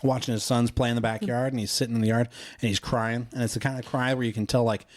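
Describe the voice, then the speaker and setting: A podcast co-host with a medium-pitched, level voice talks fast in clean, studio-quality audio with no echo. He retells a film in a casual, rambling way, filled with "you know" and "like."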